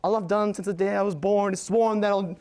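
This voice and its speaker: A man's voice: high voice, fairly even intonation, brisk, darkish tone, a little hiss or hum. A young man playing a famous playwright as a swaggering rapper who rhymes every line. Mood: cocky rhyming. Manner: rhymes everything in a streetwise rap flow. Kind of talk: solo comedy performance.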